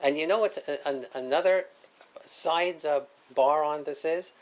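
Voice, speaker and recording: A man hosting an educational talk show, talking in a relaxed, halting way with frequent fillers and restarts and easy laughter. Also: fairly high pitch. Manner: hesitant, many fillers and restarts, laughs often. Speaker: host. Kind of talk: casual educational discussion.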